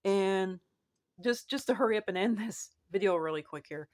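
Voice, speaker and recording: A woman vlogger talking casually to the camera, rambling and repeating herself, with sudden animated rises in her voice. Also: medium pitch, moderate pace. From United States.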